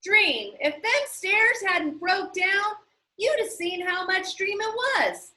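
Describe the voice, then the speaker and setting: A woman's voice: very high-pitched, animated, slow, bright, forceful tone, echoey room, voice pushed up, full character voice. A woman reading aloud the lines of a scrappy young boy, scornful and folksy in rural dialect. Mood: scoffing. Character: scrappy young boy Tom Sawyer, scoffing.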